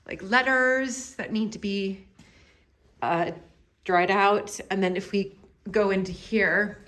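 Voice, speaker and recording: A woman's voice: mid-range voice, steady tone, slow pace, a bit bright. An American woman filming a casual vlog from behind the camera in a cellar, talking in an emotional, rambling, apologetic way. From United States. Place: house cellar. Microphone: handheld camera.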